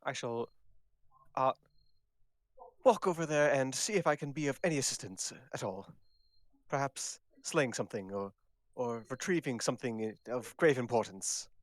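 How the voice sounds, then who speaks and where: A man playing his character in a tabletop game over a voice call, speaking in a hesitant, mock-formal way full of pauses. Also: mid-range voice, expressive, no echo. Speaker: player voicing his character. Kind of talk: in-character tabletop role-play.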